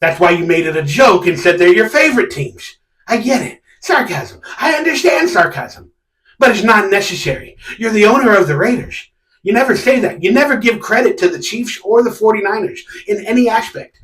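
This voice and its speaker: A man's voice: high-pitched, lively intonation, brisk, a bit bright, recorded from a distance, slight background noise. A man hosting a sports fan live stream, ranting casually and animatedly with sarcastic, exasperated outbursts. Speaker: sports fan channel host. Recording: echoey room, a bit off mic.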